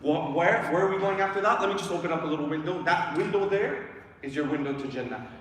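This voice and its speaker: A young man giving a dramatic guest lecture, impassioned, swinging between shouts and hushed tones. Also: a little high, fast talker, slight background noise. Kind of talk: dramatic sermon talk. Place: large hall of an Islamic centre. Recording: echoey hall, voice far from mic.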